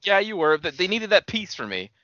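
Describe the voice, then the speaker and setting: A man's voice: sits high, big pitch swings, a little fast, bright, forceful tone, no room sound, highs cut off. A man co-hosting a casual wrestling podcast, laid-back and agreeable. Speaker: podcast co-host. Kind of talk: casual wrestling recap chat.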